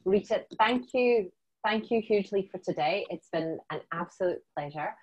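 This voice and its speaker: A woman's voice: mid-range voice, lively intonation, normal speed, highs cut off. A woman with a mixed South African and Scottish accent, hosting an interview in an upbeat, effusive way. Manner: upbeat, effusive, with warm praise. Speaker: interview host. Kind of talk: casual interview chat.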